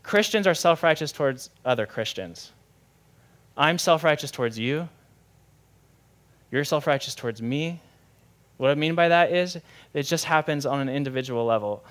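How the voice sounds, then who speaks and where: Casual young pastor preaching candidly. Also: male voice, fairly high pitch, moderate pace, pauses often, fairly bright tone. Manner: conversational, candid, self-deprecating humor. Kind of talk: sermon.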